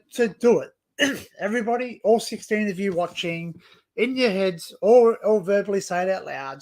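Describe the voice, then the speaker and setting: On a casual livestream, a high-voiced Australian host rambles along, stopping and starting with many restarts.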